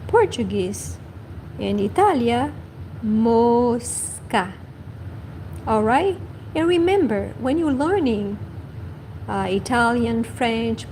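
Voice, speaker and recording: Slow, careful woman language teacher. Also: on the high side, mellow, a little hiss or hum, low-quality recording. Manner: repeats each word slowly and carefully. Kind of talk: livestream vocabulary lesson. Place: home livestream.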